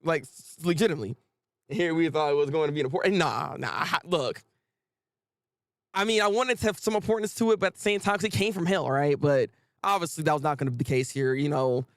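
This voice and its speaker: Male streamer, live reaction commentary; high, bouncy, gravelly delivery, dry close mic. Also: fast, no room sound. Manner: animated, joking, repeats words when excited.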